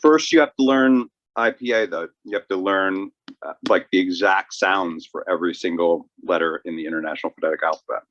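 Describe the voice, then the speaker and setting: A man co-hosting a casual chat, explaining things in a halting way and often repeating his words. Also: deep voice, a bit bright, no echo. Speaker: podcast co-host. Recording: dull lo-fi recording.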